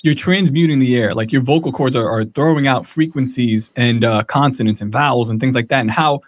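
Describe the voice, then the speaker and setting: A man joins a podcast over a remote call and muses at length, circling his points with many fillers. His voice sits mid-pitch and sounds dry. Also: fairly quick, no echo. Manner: rambling, reflective, many fillers. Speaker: podcast guest. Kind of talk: casual podcast chat. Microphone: remote call connection.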